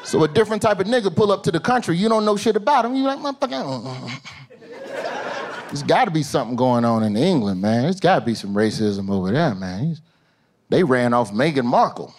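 A male stand-up comedian, performing an animated set that swings from low asides to high shouted bits on a theater stage. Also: fast talker. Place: theater stage with a laughing audience. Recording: live show with loud crowd laughter and room noise.

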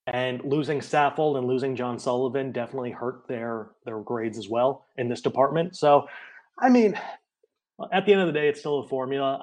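A man on a podcast explaining football ratings in casual chat, in quick bursts and often checking with "right?". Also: mid-range voice, a little mellow. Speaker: guest ratings analyst.

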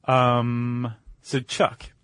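A man's voice: medium pitch, completely flat delivery, a bit bright, clear, resonant tone, no echo. Easygoing man hosting a podcast. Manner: easygoing, quick reactions, mock-dramatic segues. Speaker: podcast co-host. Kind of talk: casual chat.

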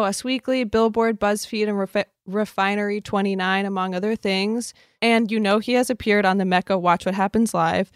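A giggly woman hosting a podcast, gushing over her guest. Her voice sits at a middle pitch, and the close mic leaves it dry with no room around it. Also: smooth, dry recording. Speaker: podcast host. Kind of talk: casual chat.

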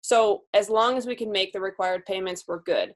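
A woman's voice: medium pitch, normal speed. Young woman pt on a podcast, chatty and candid, laughs easy. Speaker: guest, new physical therapist. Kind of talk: casual podcast interview.

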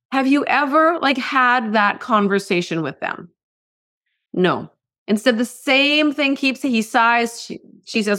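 A middle-aged woman with a fairly high voice talks as a podcast guest, easy and conversational. She slips into other voices for the people in her stories and gives each line of dialogue its own delivery. She speaks as a motivational speaker would when chatting with a host. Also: normal speed. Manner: animated, acts out quoted dialogue. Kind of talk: conversational storytelling.

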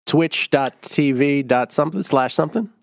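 A man's voice: on the high side, moderate pace, a little hiss or hum. A man hosting a sports betting show, upbeat and teasing, laughing often with his co-hosts. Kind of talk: casual sports betting chat.

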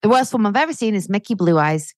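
A woman in her forties, chatting loosely as a podcast guest. She swears freely and builds into energetic rants, and her voice sits dry and close with no room echo. She has a mid-range pitch for a woman. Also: fast talker. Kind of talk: casual chat.

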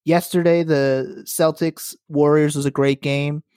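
A young man co-hosting a podcast, talking basketball in a relaxed, agreeable way, full of "like" and "you know". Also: fairly high pitch, unhurried, smooth, no echo, studio quality. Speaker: podcast co-host. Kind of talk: casual sports chat.

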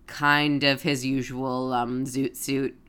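A woman's voice: rumbling low, level tone, takes it slowly, fairly bright tone, clear, resonant tone. A woman co-hosting a podcast, recapping a TV episode in casual chat, full of filler words and agreement. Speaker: podcast co-host.

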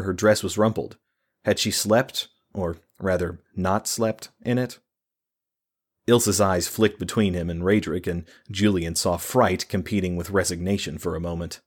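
A male audiobook narrator with a very low, deep voice. He reads the story in a steady, even, scripted manner.

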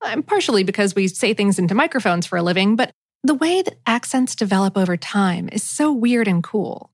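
A woman's voice: mid-range voice, lively intonation, a little fast, no echo, clean studio sound. A woman podcast host giving a casual, upbeat intro to an episode. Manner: upbeat, enthusiastic.

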